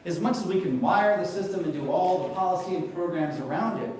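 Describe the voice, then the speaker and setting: A man's voice: high voice, a little fast, very echoey, distant mic, a little hiss or hum, poor audio. A middle-aged man giving a storytelling talk on patient experience to an audience, acting out the voices of people in his stories. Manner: animated storyteller, acts out quoted voices. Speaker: keynote speaker on patient experience. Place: conference hall before an audience.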